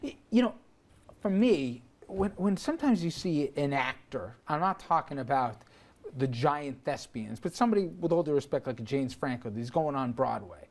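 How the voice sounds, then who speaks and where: A male talk show host with a medium-pitched voice, steering a relaxed panel chat. He talks loosely, with frequent fillers and quick laughs. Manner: conversational, laughs easily, many fillers. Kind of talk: casual panel discussion.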